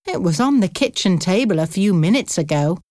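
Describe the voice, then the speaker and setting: A woman voicing a calm, caring young woman in an audiobook, gently reassuring. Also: on the low side, brisk, no echo, studio quality, natural voice.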